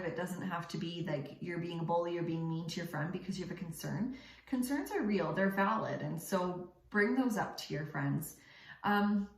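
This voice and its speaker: A young woman and mother giving earnest, direct advice in casual talk, with many fillers and restarts. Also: medium pitch. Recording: echoey room.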